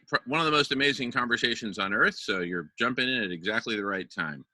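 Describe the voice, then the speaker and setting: A man's voice: mid-range voice, animated, fast talker, sharp tone, no room sound, rough recording. Effusive man hosting a call. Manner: friendly, effusive greetings. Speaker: host. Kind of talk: casual group call.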